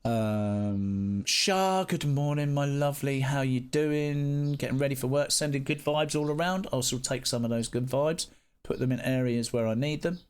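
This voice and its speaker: A man's voice: medium pitch, normal speed, clean tone. A man, live streaming and chatting casually with his viewers, greeting them by name and swearing freely. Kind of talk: casual chat reading live chat.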